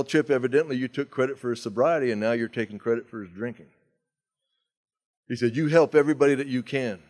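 A middle-aged man speaking at a recovery meeting, telling a personal story with wide swings from loud outbursts to hushed asides. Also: medium pitch. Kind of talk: storytelling talk.

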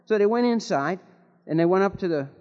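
A man with a slightly high voice tells folksy jokes to a recovery meeting, stumbling over restarts as he goes. His voice rings through a large hall with a long tail of reverb, and the recording sounds muffled and dull. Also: expressive, brisk, a little mellow. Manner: rambling with many restarts, folksy joke-telling.

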